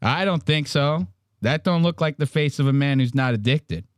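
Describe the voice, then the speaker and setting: A man's voice: fairly high pitch, moderate pace, dry recording, studio quality. A man hosting a casual podcast, telling crude stories with lots of laughing. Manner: animated, laughing, crude storytelling. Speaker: podcast host. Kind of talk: casual chat reacting to clips.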